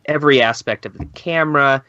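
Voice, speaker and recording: A man's voice: mid-range voice, fairly quick, sharp tone, dry recording, dull audio. A man co-hosting a casual podcast, emphatic and laughing often, swearing when he gets worked up. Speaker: podcast co-host.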